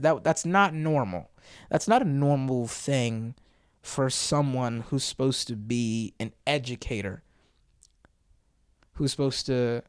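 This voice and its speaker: A man's voice: mid-range voice, clean tone, no room sound, clean studio sound. A man hosting a commentary video, reacting to a clip in a blunt, profane, sarcastic way. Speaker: host.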